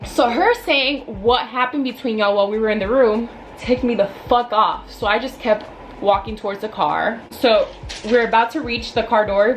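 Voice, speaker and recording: A young woman in her twenties tells a personal story for her vlog at a middle pitch. She speaks bluntly and casually, venting as she goes, with animated asides. A faint hum of room noise sits behind her. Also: poor audio. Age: 20s. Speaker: vlogger.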